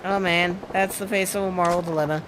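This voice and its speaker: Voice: medium pitch, steady tone, brisk, background noise. A let's-play streamer making wry, amused asides about the game. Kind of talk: game commentary.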